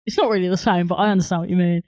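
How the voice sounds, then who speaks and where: A woman's voice: fairly low pitch, fairly even intonation, racing, darkish tone, no room sound. A woman co-hosting a podcast, chatting about films in a jokey way and laughing often. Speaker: podcast co-host. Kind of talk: casual film discussion.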